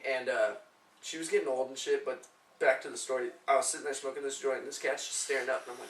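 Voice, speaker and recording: A young man tells loose, profane stories on a casual couch podcast. His voice is bright and forward. He sits back from the mic in an echoey room with faint noise behind. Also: mid-range voice, fairly even intonation, fast talker, recorded from a distance. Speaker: podcast co-host. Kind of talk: casual chat, storytelling.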